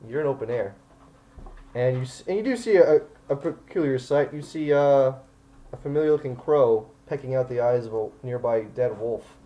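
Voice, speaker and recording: A man's voice: mid-range voice, normal speed, mellow, highs cut off. A man running a tabletop game as game master, narrating scenes in an easygoing, chatty way.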